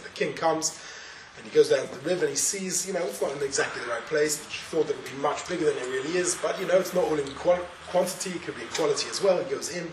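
A man gives a sermon and tells a parable, acting out its dialogue and dropping Hebrew terms into his speech. His voice sits slightly high. He sounds far from the mic in an echoey room, with steady background noise. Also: fast. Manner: storytelling, acts out dialogue, with Hebrew and Yiddish terms. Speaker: Torah teacher.

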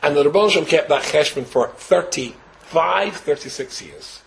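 An older man from Scotland in his sixties, a rabbi telling a personal story with wry humor, dropping to a hush and then rising to exclaim. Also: a little high, animated, a little slow, creaky, rough recording. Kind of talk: personal story told to a host.

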